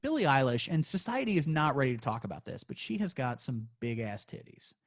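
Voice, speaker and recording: A man's voice: medium pitch, sing-song, brisk. A man co-hosting a crude comedy podcast and running a movie quiz, talking in a playful, teasing, mock-boastful way.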